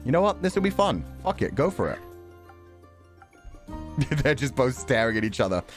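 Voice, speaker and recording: A man's voice: mid-range voice, very animated, normal speed, faint music behind. A man casually commentating while he streams a fantasy tavern game, swearing freely and laughing often.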